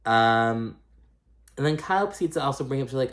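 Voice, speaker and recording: A man hosts a casual recap of a reality TV show, chatting profanely at a fairly quick pace. He imitates the cast's lines by raising his voice to a higher pitch.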